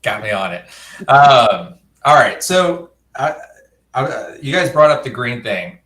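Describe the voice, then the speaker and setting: A man's voice: mid-range voice, expressive, slow, fairly bright tone. A man chatting on a live stream in a joking, laid-back way. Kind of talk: casual live stream chat. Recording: roomy, echoey sound.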